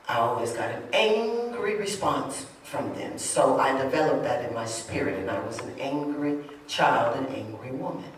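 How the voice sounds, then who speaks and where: A woman preacher, moving between loud shouted preaching and low, confiding talk in a sermon. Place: church. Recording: echoey church hall, distant mic.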